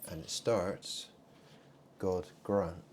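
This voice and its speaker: A man vlogging in a rambling monologue, muttering asides and swinging between loud remarks and hushed ones. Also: deep voice, steady tone, extremely slow, slight background noise.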